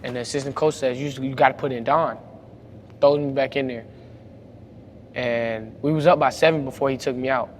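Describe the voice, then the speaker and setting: A young man, telling a story about a high school basketball game in casual talk, growing loud when he replays arguments. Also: brisk, pauses often. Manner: animated, gets louder retelling arguments. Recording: faint background noise.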